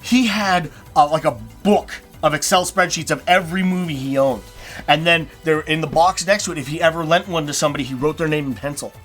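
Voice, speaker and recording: A man co-hosting a casual chat, easygoing and quick to react and laugh. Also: fairly high pitch, a bit bright, soft background music. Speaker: co-host.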